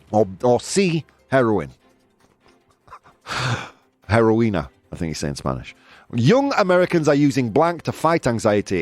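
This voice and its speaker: A man's voice: medium pitch, no echo. A man hosting a live news quiz stream, chatting playfully with viewers and laughing often. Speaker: host.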